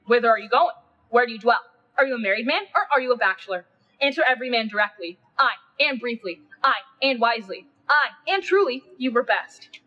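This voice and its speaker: A woman's voice: expressive, fairly quick, lo-fi sound. A woman voicing a furious man from a Roman mob in a retold stage scene. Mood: bullying. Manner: shrill, furious shouting. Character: angry Roman mob man, shouting for blood.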